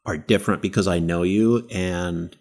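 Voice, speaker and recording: A man's voice: low voice, steady tone, normal speed, darkish tone. A man co-hosting a podcast, chatting casually and questioning things in a skeptical way. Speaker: podcast co-host. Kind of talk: casual chat.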